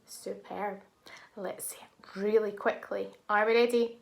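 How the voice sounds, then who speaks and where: A woman teaching a phonics lesson to young children, speaking slowly and clearly and sounding out words in an encouraging way. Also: medium pitch, lively intonation. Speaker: primary school teacher.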